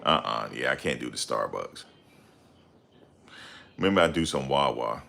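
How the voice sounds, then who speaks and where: A man hosting a casual livestream, reading viewer comments and ranting heatedly with loud outbursts and repeated phrases. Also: rumbling low, animated, normal speed, creaky. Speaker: livestream host.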